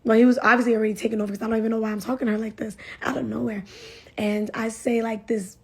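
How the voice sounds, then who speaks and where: A woman's voice: on the high side, little pitch movement, very fast, husky. A young woman giving a casual spoken testimony, chatty, full of fillers and repeated phrases. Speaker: churchgoer sharing a testimony.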